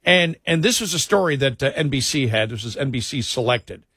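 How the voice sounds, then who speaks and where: A man's voice: mid-range voice, lively intonation, brisk, bright, forceful tone, breathy edge, dry recording. A middle-aged man hosting a talk radio show, telling a story with an amused, scoffing tone. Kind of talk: casual talk radio commentary. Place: radio studio.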